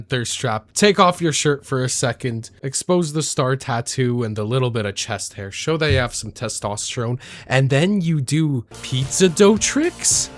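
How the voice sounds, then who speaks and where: Animated joking man reacting to clips. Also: medium pitch, no echo. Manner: mock-outraged, joking, animated. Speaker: reaction commentator. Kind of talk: comedic reaction commentary.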